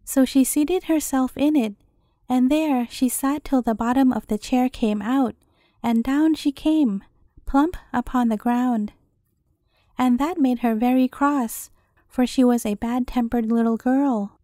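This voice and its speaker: A woman reading a fairy tale aloud as a bedtime story, in an even, measured way. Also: high voice, no echo, clean studio sound.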